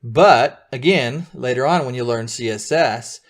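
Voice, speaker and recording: A man's voice: mid-range voice, a little slow. A middle-aged man teaching beginners to code, walking through steps patiently and often checking that his students are keeping up. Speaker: coding teacher. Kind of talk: live beginner coding lesson.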